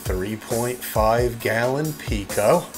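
A man's voice: mid-range voice, slow, over music. Chatty man hosting a reef vlog. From New Jersey. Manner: chatty, talks straight to viewers as "guys". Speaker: reef tank hobby video host. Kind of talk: casual chat answering viewer questions. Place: home reef tank studio, indoors.

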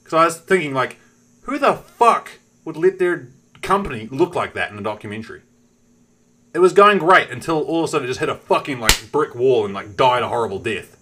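A young man with a New Zealand accent, telling a story on a game stream in a profane, animated way. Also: mid-range voice, a little fast. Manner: animated, profane, acts out the characters.

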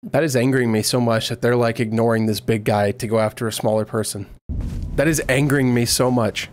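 A man giving let's play commentary, exasperated and shouting at enemies on screen. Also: medium pitch, fairly even intonation, a little fast, background noise. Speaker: gaming video host. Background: game music.

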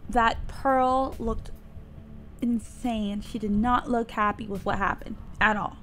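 A woman's voice: on the high side, steady tone, takes it slowly, soft background music. A woman hosting a casual reaction video, exclaiming, laughing and talking back to the screen. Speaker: host reacting to a cartoon. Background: faint cartoon audio underneath.

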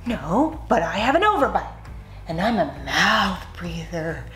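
A woman's voice: fairly low pitch, sing-song, unhurried, a bit bright. A woman voicing a mouth-breathing, panting monster under the bed in a storybook read-aloud. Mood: breathy, unbothered. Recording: echoey room, faint music.

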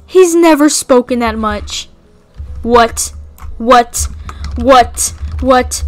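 Excitable woman gamer, higher voice. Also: very slow, long pauses, soft background music, poor audio. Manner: excitable, playful, bursts into shrieks and giggles. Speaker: gaming YouTuber. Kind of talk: let's-play commentary.

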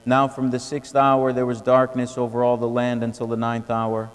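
A man reads scripture in a measured, level voice that barely rises or falls. His words ring out into a large cathedral, and a long reverb hangs behind each line. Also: smooth. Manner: steady, even reading with little pitch movement. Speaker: reader. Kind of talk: liturgical scripture reading.

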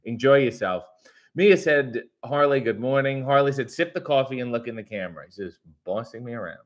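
Hosting a casual live stream, a man with a medium-pitched voice talks fairly quickly, reading viewer comments in a brighter, louder voice and answering them with crude, sarcastic, mock-grumpy asides.

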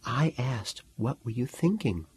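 A man's voice: mid-range voice, big pitch swings, moderate pace, pitched above the performer's own voice, lightly acted. Man reading as a sardonic young woman student. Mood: hushed, sardonic. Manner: sardonic, coolly precise. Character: sharp-witted defiant young woman student.

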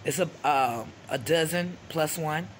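A woman's voice: deep voice, a little slow, a little hiss or hum. A middle-aged woman hosting her own vlog, talking bluntly and angrily with lots of swearing, often checking in with "okay?". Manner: blunt, profane, keeps asking "okay?"; vents anger openly. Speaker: channel host. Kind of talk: casual vlog talk to camera.

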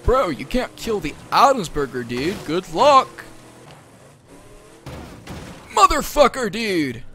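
A woman's voice: mid-range voice, very animated, a little slow, fairly bright tone, faint music behind. A woman streaming a co-op game, bantering crudely and swearing constantly, tossing in dude and bro. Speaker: gaming streamer. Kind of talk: profane improvised co-op gaming banter.

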